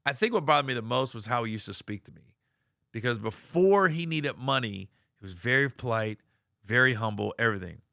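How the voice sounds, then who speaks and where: Animated storytelling comedian, bright voice. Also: male voice, medium pitch, a little fast, creaky, no room sound, studio quality. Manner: animated, profane, acts out quoted voices.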